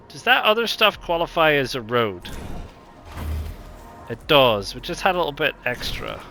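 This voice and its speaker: A man's voice: medium pitch, pushed and bright. A man with a New Zealand accent casually commentating a strategy game, thinking aloud with lots of ums. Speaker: gaming channel host.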